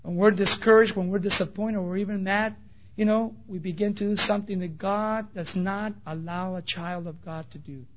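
A man preaching a sermon in an animated storytelling way with casual asides. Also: high-pitched, normal speed, a little hiss or hum. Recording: dull lo-fi recording.

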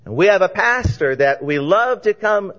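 A man preaching a sermon, telling a story with lively voices for its characters. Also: high-pitched, normal speed, highs cut off. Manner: animated storyteller, voicing characters in dialogue.

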